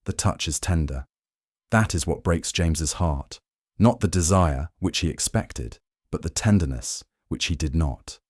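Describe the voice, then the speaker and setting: A man narrating a history story for sleep in a calm, slow, soothing scripted style. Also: rumbling low, no echo, clean studio sound.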